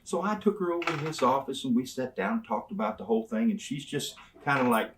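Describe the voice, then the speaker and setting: A man's voice: medium pitch, quick pace, a little hiss or hum. An older man from Tennessee, telling colorful, folksy stories as an interview guest. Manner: animated, colorful storyteller with folksy swearing. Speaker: interview guest, retired wrestler. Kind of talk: casual storytelling interview. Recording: voice a bit distant from the mic.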